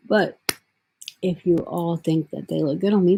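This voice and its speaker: A woman's voice: lowish voice, sing-song, slow, creaky, pauses often, warm tone, husky, poor audio. A middle-aged woman talking to her camera in a rambling, casual way, drifting from thought to thought with lots of fillers. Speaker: vlogger. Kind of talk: casual vlog talk.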